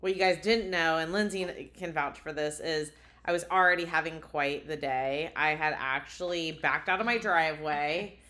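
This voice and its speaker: A woman's voice: deep voice, moderate pace, bright, forceful tone. A woman co-hosting a casual podcast chat, animatedly telling a story and laughing at herself. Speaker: podcast co-host.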